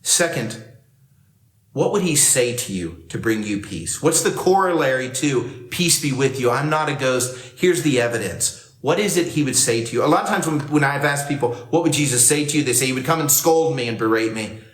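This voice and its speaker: A man's voice: medium pitch, lively intonation, moderate pace. A man preaching a sermon to a camera for online worship, talking in a conversational way and acting out the lines he quotes. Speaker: pastor. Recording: roomy echo.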